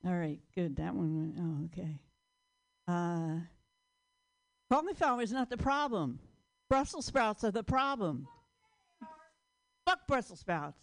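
A woman's voice: on the low side, big pitch swings, unhurried, gravelly, long pauses. A woman doing a stand-up comedy set on stage, rambling through self-deprecating jokes. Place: stage before a live audience.

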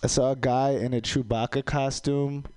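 A young adult man performing a stand-up comedy set, delivering deadpan one-liners that break into loud, high-pitched outbursts. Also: normal speed, smooth.

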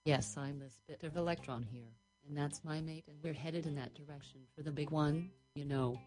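A woman's voice: low voice, normal speed, a little mellow, soft background music, close to an everyday voice, low-quality recording. A woman voicing a cheeky, chattering talking water droplet in an improvised story, full of folksy teasing asides. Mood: chatty.

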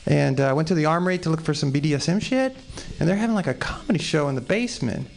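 A man's voice: a little high, expressive, quick pace, vocal fry, soft background music. A man in his forties from Texas doing rambling, profane, self-deprecating stand-up at an open mic in a small comedy venue. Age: 40s.

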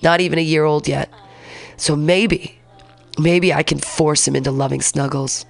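A woman's voice: deep voice, fairly even intonation, moderate pace, creaky, soft background music. A woman in her forties hosting a radio show alone, rambling and swearing, emotional as she talks. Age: 40s. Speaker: radio host. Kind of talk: casual solo radio talk.

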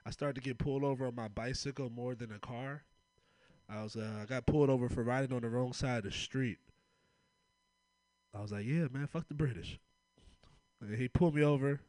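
Young male comic from Oakland, loose rambling delivery, middle pitch, dry close sound. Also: fairly quick, long pauses, a little mellow, no room sound. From Oakland, California. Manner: loose, rambling storytelling with frequent laughs. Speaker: stand-up comedian. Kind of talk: stand-up comedy set.

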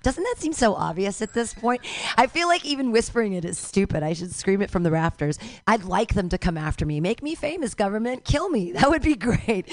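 A woman's voice: on the high side, sing-song, a little fast, hardly any pauses. A woman in her fifties doing a stand-up comedy set, rambling, irreverent and self-mocking.

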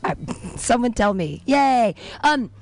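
A woman's voice: a little high, expressive, slow pace. A woman hosting a comedy show, bubbly and cheering as she introduces acts. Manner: bubbly, cheering between bits.

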